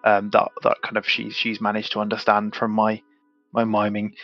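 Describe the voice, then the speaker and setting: A man's voice: on the low side, monotone, normal speed, lo-fi sound, soft background music. A man playing a tabletop game, talking casually and often repeating words as he stammers. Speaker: player.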